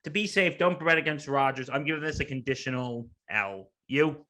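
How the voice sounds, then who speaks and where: A man hosting a sports podcast, chatting casually in an animated, jokey way. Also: mid-range voice, moderate pace. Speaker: podcast host.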